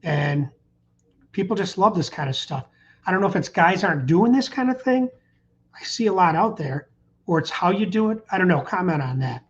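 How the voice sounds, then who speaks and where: A man's voice: sits high, expressive, normal speed, highs cut off, a little hiss or hum. A middle-aged man hosting a casual live stream, rambling in an upbeat way and reading out viewer comments. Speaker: channel host. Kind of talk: casual livestream chat.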